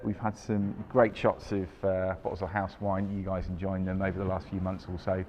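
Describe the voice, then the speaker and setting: A man hosting a wine subscription video, talking casually with lots of ums and a relaxed, chatty manner. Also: sits low, normal speed, few pauses, in a large hall, muffled recording. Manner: relaxed, filler-heavy, chatty. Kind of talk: casual presenting to camera.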